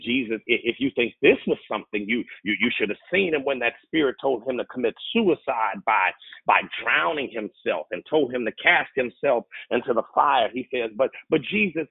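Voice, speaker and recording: A male pastor preaching, stammering through repeated words before he rises into excited calls. His voice is husky and gravelly. It comes through dry and tinny, like a phone line. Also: mid-range voice, no room sound. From California. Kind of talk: sermon.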